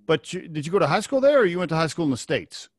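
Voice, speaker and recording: A man hosting a podcast, reading a sponsor intro and then chatting with a guest on a video call, quick to repeat himself and drop affirming okays. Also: a little high, sing-song. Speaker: podcast host.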